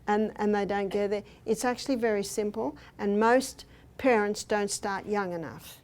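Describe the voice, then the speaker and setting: In a hotel meeting room, an older woman gives a health seminar talk full of personal anecdotes, acting out what people said. Her medium-pitched voice is unhurried and a little mellow, with frequent pauses.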